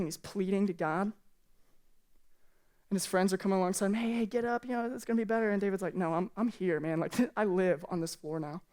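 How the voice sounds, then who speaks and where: A woman's voice: lowish voice, a little mellow. Earnest conversational woman preaching. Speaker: pastor. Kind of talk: sermon. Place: church stage.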